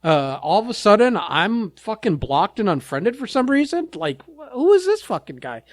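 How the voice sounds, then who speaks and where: A man's voice: sits high, very animated, normal speed, dry recording. A man co-hosting a casual podcast chat, ranting bluntly and with a lot of swearing between bursts of laughter. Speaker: podcast co-host.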